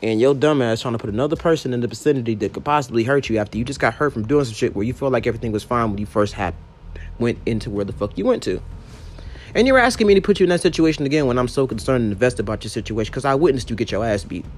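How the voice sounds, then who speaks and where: A young man rants through a storytime with an exasperated, profane edge, his pitch swinging widely as he hammers his points home. A faint hiss of noise sits under his voice. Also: animated, very fast. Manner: exasperated, profane, emphatic retelling. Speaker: rideshare driver. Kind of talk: storytime rant.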